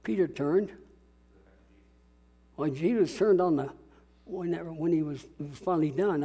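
A man's voice: fairly high pitch, moderate pace, pauses often, mellow, husky. A man preaching a sermon as a pastor, dramatic and calling out to his congregation. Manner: dramatic, call-and-response preaching.

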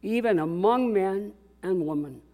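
A man's voice: high-pitched, lively intonation, measured pace, mellow. A man preaching a sermon as a pastor, dramatic and calling out to his congregation. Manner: dramatic, call-and-response preaching.

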